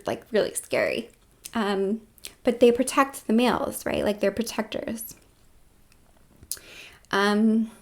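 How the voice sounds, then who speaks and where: A woman's voice: fairly high pitch, darkish tone. Rambling woman with whispered asides. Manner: rambling, heavy filler words, dips into whispered asides. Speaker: vlogger. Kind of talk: casual rambling monologue to camera.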